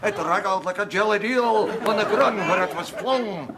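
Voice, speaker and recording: An actor playing a pompous male folk singer with a Scottish accent, reciting in a slow, grand, mock-solemn way. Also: high voice, gravelly, crowd noise. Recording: old TV sketch with loud studio audience laughter.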